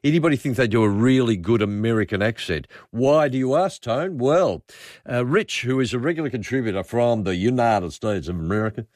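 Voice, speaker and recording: A man with an Australian accent hosting talkback radio, chatting in a rambling, relaxed way and reading listener messages aloud. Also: medium pitch, brisk, no echo, clean studio sound. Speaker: radio host. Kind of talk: casual talkback radio chat.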